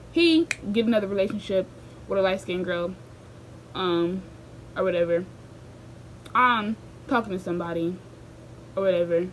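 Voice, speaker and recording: Young woman vlogger, lively slangy storyteller with sudden loud bursts; slightly high pitch, faint background hiss. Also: low-quality recording. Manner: animated, slangy, jumps into quoted voices and loud outbursts. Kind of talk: casual storytime chat.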